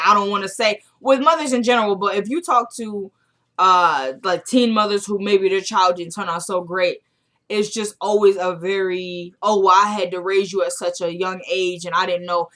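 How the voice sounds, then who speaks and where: Woman, casual TV recap, chatty, acts out quoted dialogue, frequent "you know what I'm saying", mid-pitched voice. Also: fairly bright tone. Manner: chatty, retells scenes by acting out quoted dialogue. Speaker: TV episode recapper.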